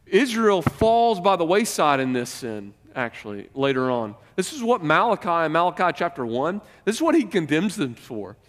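A man's voice: high-pitched, in a large hall. A man preaching a sermon, speaking emphatically with questions to the congregation. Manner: emphatic, rising and falling in volume, addresses the congregation with questions. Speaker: pastor.

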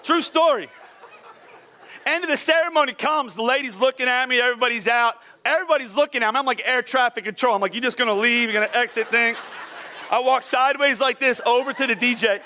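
A man preaching as a pastor, telling a funny personal story in a lively, self-deprecating way before giving sermon points. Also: very high-pitched, fast talker, a little hiss or hum. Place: church auditorium.

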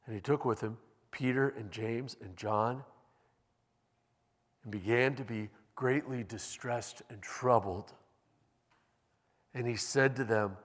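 A man preaching a sermon as pastor, speaking in a measured, deliberate way and reading scripture aloud in a church sanctuary. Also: mid-range voice. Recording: long reverb in a large hall.

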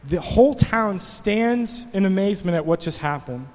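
A man's voice: sits high, animated, moderate pace, in a large hall. A man preaching a sermon, telling a story in a casual way and then building to impassioned, rising preaching. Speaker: pastor. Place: church hall.

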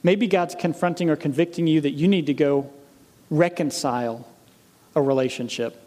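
A man preaching as a pastor, speaking earnestly to his congregation and reading scripture slowly with emphasis. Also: a little high, warm tone. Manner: earnest, direct appeals to the congregation. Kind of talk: sermon. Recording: long hall reverb.

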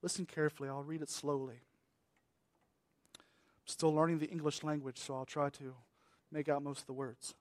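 A man preaching a sermon as pastor, emphatic, swinging from loud declarations to hushed lines. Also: fairly high pitch, flat delivery, normal speed, pauses often, no room sound.

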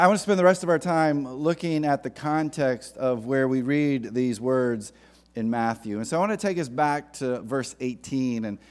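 A male pastor preaching a sermon in a conversational, joking storytelling manner. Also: mid-range voice.

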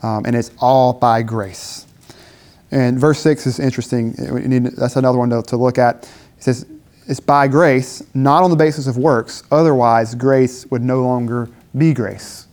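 A man's voice: mid-range voice, fairly even intonation, unhurried, a little mellow. A man preaching a conversational sermon at a campus dinner gathering, asking rhetorical questions and briefly acting out biblical speakers.

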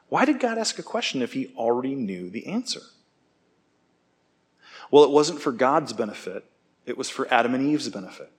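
A man giving a conversational sermon, relaxed and self-deprecating, often checking in with his listeners. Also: medium pitch. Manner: casual, self-deprecating, asks "okay?" often. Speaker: preacher.

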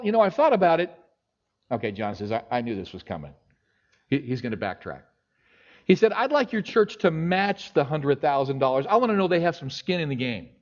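A middle-aged man preaching a sermon, telling a story and acting out the voices of the people in it. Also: medium pitch. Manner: animated storyteller, acts out quoted voices. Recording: dull lo-fi sound.

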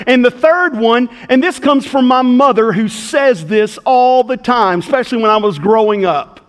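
High-voiced pastor preaching a sermon. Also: male voice, normal speed, few pauses, in a large hall. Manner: folksy storytelling, conversational.

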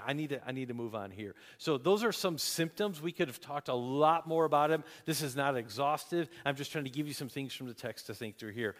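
Earnest preaching man in a reverberant hall. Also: mid-range voice. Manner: earnest, emphatic preaching with frequent restarts. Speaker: pastor. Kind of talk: sermon.

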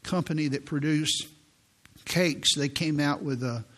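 Earnest older male pastor preaching. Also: fairly high pitch. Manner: storytelling, quiet and earnest, slowing for quoted prayers. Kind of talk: sermon. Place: church sanctuary.

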